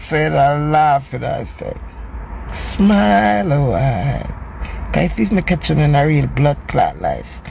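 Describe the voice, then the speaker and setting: Gravelly middle-aged woman, Jamaican Patois. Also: slight background noise. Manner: animated, swings between loud outbursts and low murmurs. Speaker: social media personality. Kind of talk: casual storytelling monologue.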